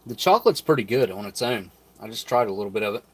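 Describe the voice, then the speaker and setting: Fast-talking and animated, this man has a fairly low voice with a breathy edge. He hosts a live stream reviewing rations, unwrapping and sampling food, musing aloud casually and occasionally speaking with a full mouth.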